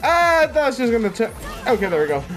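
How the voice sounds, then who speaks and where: A man giving casual, excitable commentary while playing a fighting game, gasping and laughing as he reacts. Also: very high voice, fast, soft background music, some chatter behind. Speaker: let's player.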